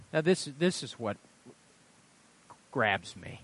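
Pastor, male; bright, animated preaching voice that leaps from loud peaks to near whispers. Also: measured pace, dry recording. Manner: impassioned storytelling, swinging from loud high outbursts to hushed low asides. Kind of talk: sermon.

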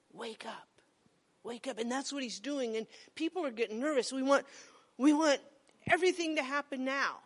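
Middle-aged woman preaching, chatty stories, voice a bit high. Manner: conversational storytelling preaching. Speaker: pastor. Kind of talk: sermon.

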